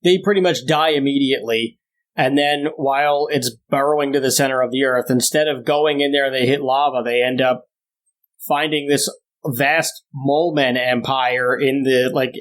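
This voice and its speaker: A young man co-hosting a podcast in casual chat, ranting with exaggerated disdain and climbing higher as he gets worked up. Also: fairly even intonation, moderate pace. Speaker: podcast co-host.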